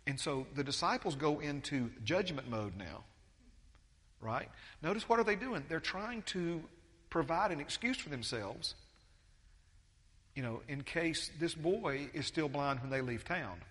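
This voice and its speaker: A man's voice: on the high side, lively intonation, measured pace, fairly bright tone, in a large hall. A man preaching a conversational sermon as pastor, with many restarts and acted-out quotes.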